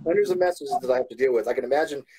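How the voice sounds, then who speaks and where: A man's voice: medium pitch, racing, mellow, slightly rough, rough recording. A man talking earnestly in a casual chat, often repeating words as he starts his sentences. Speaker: YouTuber.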